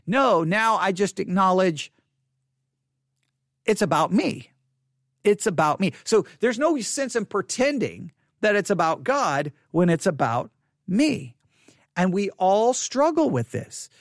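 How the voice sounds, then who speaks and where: A man's voice: sits high, big pitch swings, measured pace, no echo, clean studio sound. A man preaching as a pastor, speaking candidly and self-deprecatingly, often repeating phrases for emphasis. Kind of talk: sermon podcast.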